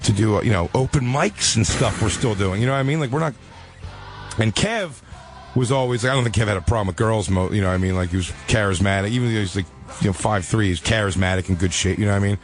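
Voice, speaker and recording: A man's voice: fast, soft background music. A man in his forties hosting a talk show, telling a personal story in casual chat and acting out the people in it. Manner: animated, acts out quotes with big pitch jumps. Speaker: podcast host.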